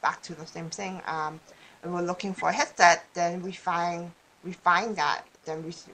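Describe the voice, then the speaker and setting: A woman's voice: on the low side, moderate pace, fairly bright tone. A woman speaking as a guest in a casual podcast interview, rambling and restarting her sentences, often laughing. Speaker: guest speaker on law of attraction.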